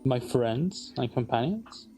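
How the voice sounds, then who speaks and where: Slow, polite tabletop player. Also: male voice, medium pitch, animated, mellow, soft background music. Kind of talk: in-character tabletop play.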